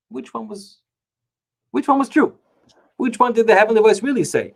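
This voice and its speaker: A man teaching a Talmud class, telling the story with animated emphasis and slowing down to stretch key words. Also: high-pitched. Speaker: Torah teacher.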